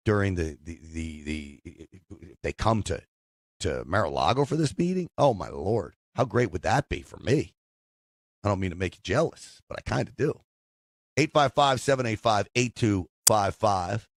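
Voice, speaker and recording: A man hosting a call-in talk radio show, joking, bragging and riffing with animated asides into a studio mic. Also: on the low side, dry recording. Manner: jokey, boastful, animated asides.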